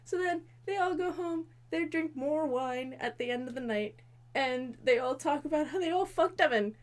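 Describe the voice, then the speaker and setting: A woman's voice: high voice, animated, moderate pace. A woman in her twenties giving a rambling, profane, exasperated comedic recap of a movie. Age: 20s. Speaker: comedy video host.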